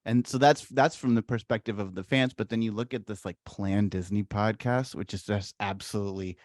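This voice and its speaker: A man's voice: lowish voice, steady tone, a little fast, no room sound. Man, podcast co-host, wry critical chat, laughs often, dry sound. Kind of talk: casual opinionated chat.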